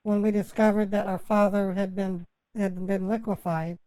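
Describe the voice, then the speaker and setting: A woman with a mellow, warm voice rambles on a phone call. She stammers and restarts her sentences, fills the gaps with ums, and the sound is dry and close. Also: mid-range voice, level tone, no echo. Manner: halting, stammering, full of fillers and restarts. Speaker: scambaiter posing as a victim.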